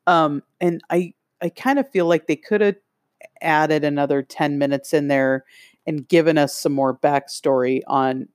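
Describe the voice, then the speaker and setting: Slow, hesitant podcast co-host. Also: medium pitch, fairly even intonation, no room sound, clean studio sound. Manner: hesitant, searching for words. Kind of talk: casual chat.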